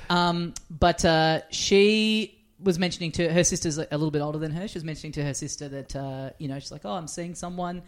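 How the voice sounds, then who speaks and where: Australian man, comedy podcast co-host, casual storytelling, swears freely, animated. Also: on the high side, a little fast, few pauses.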